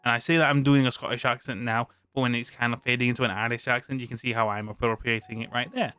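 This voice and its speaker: On his stream, a British man reads a tabletop rulebook aloud, restarting words and chatting between sections. His medium-pitched voice is bright and crisp, steady in tone, and he talks fast. The mic sound is close and dry, with faint music underneath.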